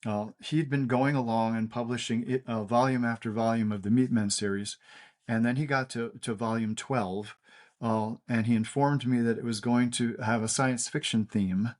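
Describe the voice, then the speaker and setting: An older man, a cartoonist guest, telling stories in a casual interview, halting with many fillers and restarts. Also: medium pitch, steady tone.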